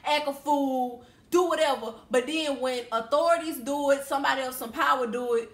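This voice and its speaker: A woman's voice: high-pitched, normal speed. A young woman from Louisiana telling a storytime to camera in a blunt, heated, emphatic way. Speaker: vlogger. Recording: echoey room.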